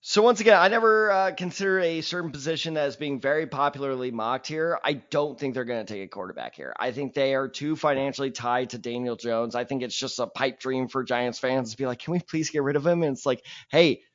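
A young man co-hosting a casual sports podcast, animated and opinionated with mock-dramatic rants, on a dull lo-fi mic. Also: medium pitch, brisk, few pauses.

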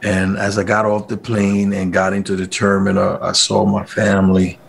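Gravelly-voiced man telling his story. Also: low-pitched, moderate pace, a little hiss or hum. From Liberia. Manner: animated, acts out quoted speech in a raised voice. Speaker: interview guest. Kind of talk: personal storytelling.

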